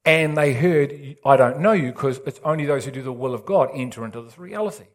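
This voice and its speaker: A man's voice: mid-range voice, fairly quick. A man preaching a sermon with urgent intensity and emphatic repetition.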